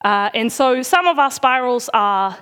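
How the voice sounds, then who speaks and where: A woman's voice: on the high side, animated, unhurried, fairly bright tone, clean tone. A middle-aged woman, a parish worker, giving an informal sermon in a chatty, self-deprecating way with many fillers.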